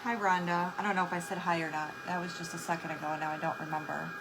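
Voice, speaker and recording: A woman's voice: lowish voice, little pitch movement, quick pace, background noise. A middle-aged woman hosting a crafting livestream, chatting casually and rambling while greeting viewers by name. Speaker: crafting show host.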